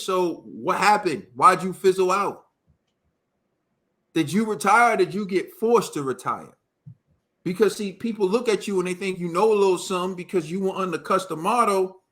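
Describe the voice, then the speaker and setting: A man's voice: sits high, sharp tone. A man hosting a boxing talk show, ranting emphatically with slang and lots of repetition. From United States. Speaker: boxing podcast host. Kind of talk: heated casual commentary.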